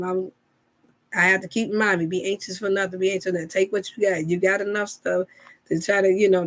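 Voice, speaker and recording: A woman hosting a casual wellness live chat, talking to viewers in a folksy, preachy way. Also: medium pitch. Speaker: wellness show host.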